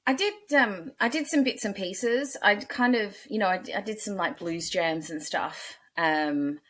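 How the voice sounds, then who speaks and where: A woman's voice: medium pitch, a little slow, fairly bright tone. An Australian woman in her forties, a blues singer, chatting in a rambling, storytelling way as an interview guest. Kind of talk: casual interview chat.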